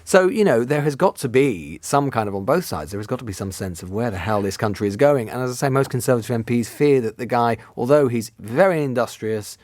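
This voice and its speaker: A man with a British accent, a journalist guest who talks through politics in fluent, rapid analysis. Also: medium pitch, a little mellow, dry recording, studio quality.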